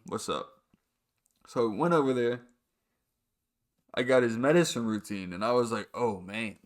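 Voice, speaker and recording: A young man hosting a podcast, telling funny stories in a rambling, casual way with fillers and restarts. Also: mid-range voice. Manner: rambling, laughs at his own stories, frequent fillers and restarts. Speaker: podcast host. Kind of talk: casual storytelling monologue.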